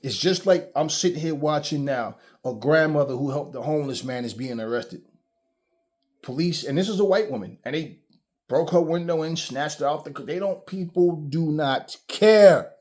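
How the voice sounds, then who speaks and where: A man's voice: fairly high pitch, normal speed, darkish tone. A man hosting his own channel, giving a blunt, profane, preachy monologue about relationships and telling stories. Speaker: channel host. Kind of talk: casual ranting monologue.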